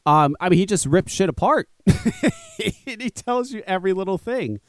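A man's voice: sits high, lively intonation, moderate pace, no echo, clean studio sound. A man hosting a talk radio show, chatting casually in a rambling, profane way and laughing often.

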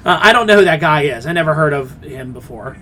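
A man's voice: a little high, animated, brisk, pushed and bright, a little hiss or hum. A man hosting a podcast, talking wrestling in casual chat with a blunt, sarcastic, profane manner. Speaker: podcast host.

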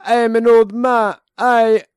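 Brief: mellow Jamaican old man, slow drawl, put on by a man joking around. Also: very high-pitched, level tone, smooth, dry recording, studio quality, pitched above the performer's own voice.

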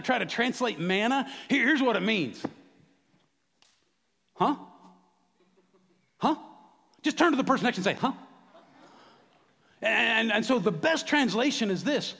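Fervent high-voiced man preaching in a hall. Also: expressive, a little fast, creaky. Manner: fervent preacher, swings from hushed to shouting. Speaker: pastor. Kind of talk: sermon.

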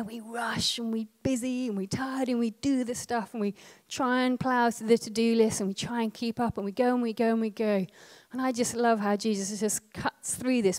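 With a slightly high, darkish voice, a prayer ministry trainer in her thirties teaches in a conversational way. Her talk is chatty, full of quick asides and tag questions.

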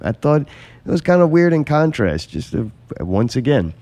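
A man's voice: medium pitch, sing-song, normal speed, darkish tone. Laid-back man telling stories. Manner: profane, laughing storyteller. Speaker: podcast host. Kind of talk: casual chat.

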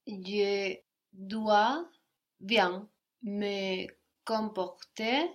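Female learner, very slow and careful delivery, hesitant replies. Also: medium pitch. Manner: slow, tentative answers. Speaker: language student. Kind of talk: lesson responses.

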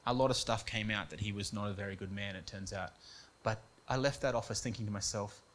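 A man's voice: fairly low pitch, fast, a bit bright, a little hiss or hum. A man preaching a sermon, earnest and emphatic, moving between personal stories and scripture.

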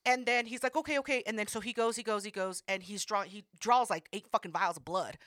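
A woman co-hosting a podcast, telling a story in an animated, profane way and acting out what people said. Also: medium pitch, fast, no room sound, clean studio sound. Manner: animated, profane, acts out quotes. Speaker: podcast co-host. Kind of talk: casual storytelling.

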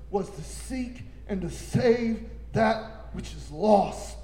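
A man preaching an impassioned sermon, reading scripture slowly and building to shouts. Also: high-pitched, animated, roomy sound.

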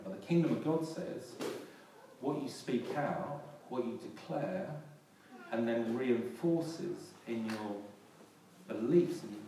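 A male pastor preaching a sermon in a large church hall, earnestly restarting and repeating phrases and rising for emphasis. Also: mid-range voice. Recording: echoey hall from far off, faint noise.

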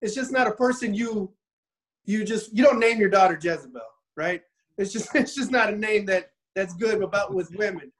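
A man retells a Bible story casually, rambling with animation and frequently restarting his sentences. His voice is high-pitched and moves at a moderate pace, and the audio quality is poor.

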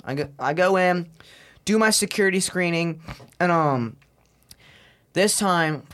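Young adult man, podcast guest, a touch high-pitched, cursing and calling everyone bro as he tells a story, laughs at himself. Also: unhurried, fairly bright tone. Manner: profane, slangy, keeps saying "bro"; laughs at his own story. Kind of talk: casual storytelling.

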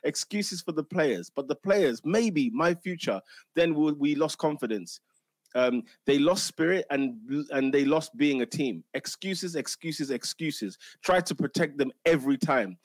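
A man's voice: fairly high pitch, expressive, dry recording. A man putting on a furious Italian football manager. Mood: ranting. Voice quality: halting broken English, stern and exasperated. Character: fed-up Italian football manager, middle-aged man, ranting.

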